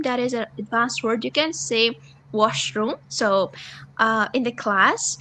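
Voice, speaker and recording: A female student tells the class a story on a video call. Her voice is bright and fairly high, and her manner is chatty and animated. There is faint noise behind her. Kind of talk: online class discussion.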